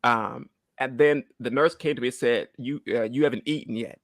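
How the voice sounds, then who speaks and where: His medium-pitched voice is a bit bright and fairly even, moving at a normal pace with no echo. A man in his thirties, he gives a tearful, earnest church testimony, repeating phrases and frequently asking "right?"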